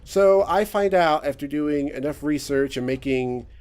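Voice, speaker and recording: A man's voice: fairly high pitch, a little slow, a little mellow. Exasperated young man ranting. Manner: exasperated, sarcastic, mimics voices in quotes. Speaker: vlogger. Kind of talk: casual rant.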